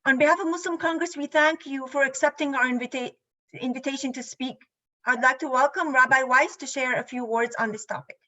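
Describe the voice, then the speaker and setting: Female host, high, bright voice, polite and formal introductions. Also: steady tone, low-quality recording. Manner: polite, formal, slightly halting. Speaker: event host.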